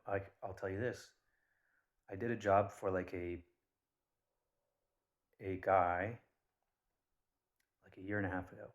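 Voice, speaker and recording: Very low male voice, candid vlogger who tells stories with blunt asides. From Persian background. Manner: blunt, swears, animated retellings. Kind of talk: casual rambling monologue.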